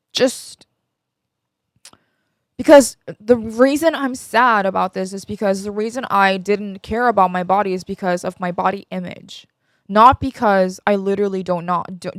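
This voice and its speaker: A woman's voice: mid-range voice, no room sound, studio quality. A woman in her twenties hosting a podcast, talking candidly and emotionally about her own life in a rambling way with many fillers. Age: 20s. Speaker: podcast host. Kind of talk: candid personal chat.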